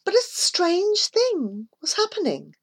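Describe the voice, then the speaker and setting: A woman reading a children's story aloud in a measured, expressive way. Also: very high-pitched. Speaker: narrator.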